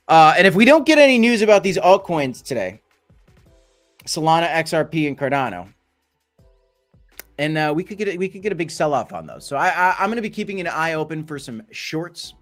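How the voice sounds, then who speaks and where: A man's voice: mid-range voice, a bit bright. A man hosting a casual crypto livestream, who rambles through market talk with many fillers and restarts. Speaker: crypto channel host.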